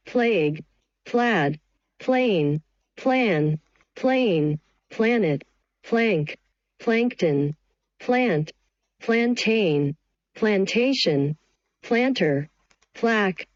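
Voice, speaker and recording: A woman's voice: medium pitch, no room sound, highs cut off. A woman reading English vocabulary words one at a time, each evenly spaced. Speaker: vocabulary reader. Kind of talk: slow word-list reading.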